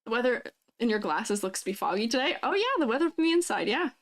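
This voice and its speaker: A woman's voice: on the high side, sing-song, quick pace. A young woman streaming casually, playful, laughing often and answering chat. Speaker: vtuber streamer.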